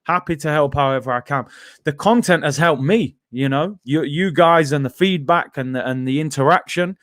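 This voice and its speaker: A man talks casually as host of a football stream, wandering through asides and filler words. His voice sits a little high. The recording is dry and close, with no room sound. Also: moderate pace, fairly bright tone, no room sound. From England. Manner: chatty, loose, full of fillers and asides. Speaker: football channel host reading viewer comments. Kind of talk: casual live-stream chat.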